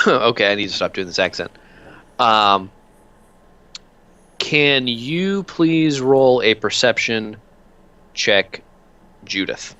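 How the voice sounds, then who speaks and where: A man narrating a tabletop game as game master, relaxed and full of filler sounds. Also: mid-range voice, takes it slowly, long pauses, clean tone.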